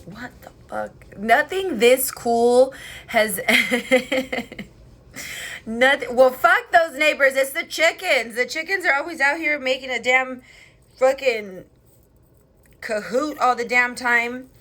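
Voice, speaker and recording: A young woman vlogger chatting casually and excitedly, swearing freely as she tells a story. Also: a little high. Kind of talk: casual chat. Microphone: headphone mic.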